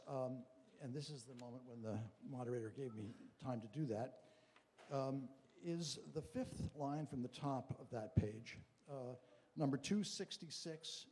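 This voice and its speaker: A man with a dark, husky voice makes a deliberate, argumentative statement from the floor of a town meeting. His words ring out through a large hall with a long reverb. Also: medium pitch. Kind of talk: formal public statement.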